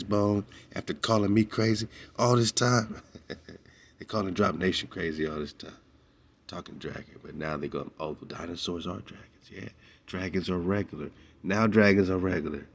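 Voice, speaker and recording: Deep-voiced excitable man riffing. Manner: excitable, laughing, drawn-out slang asides. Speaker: radio show host reacting to a documentary clip. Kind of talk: casual commentary.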